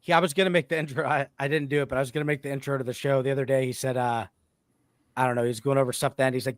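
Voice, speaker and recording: A man's voice: medium pitch, little pitch movement, very fast, no echo. A man hosting a podcast in a casual, rambling way, often breaking off and restarting his sentences. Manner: rambling, self-interrupting. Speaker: podcast host. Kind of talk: casual chat.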